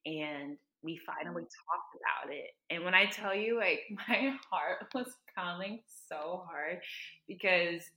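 A woman's voice: fairly low pitch, unhurried, pushed and bright. Earnest woman guest in a roomy echo. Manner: earnest, heartfelt storytelling with many "like" fillers. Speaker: podcast guest, dietitian and author. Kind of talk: casual podcast conversation.

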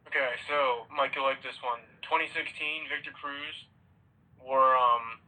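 A man joining a sports podcast over a video call, talking softly and hesitantly about football. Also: medium pitch, fairly even intonation, a little slow, low-quality recording. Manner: soft, hesitant, with fillers. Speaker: podcast co-host. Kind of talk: casual sports chat.

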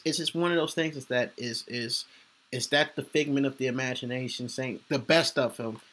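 A man's voice: mid-range voice, fairly bright tone. A man co-hosting a casual true-crime chat, reading excerpts aloud with profane, dramatic delivery.

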